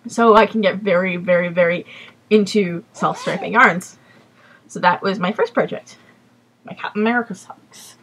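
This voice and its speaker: A woman with a slightly husky, mid-pitched voice chats casually as a podcast host, speaking into a computer mic at home. She rambles and drifts between points, breaking off now and then to apologize. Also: a bit bright. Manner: chatty, rambling, apologetic asides. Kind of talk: casual chat.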